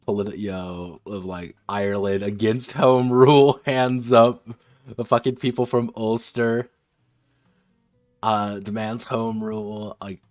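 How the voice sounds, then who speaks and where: A US man with a fairly low voice streams a game design workshop, casually discussing how he designs games. He rambles, laughs and swears plenty, and there's no room sound.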